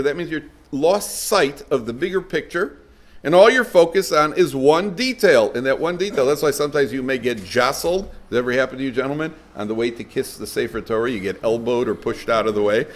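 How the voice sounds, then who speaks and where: A middle-aged man, a rabbi lecturing a live audience, telling stories lively and acting out dialogue. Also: mid-range voice, a little fast.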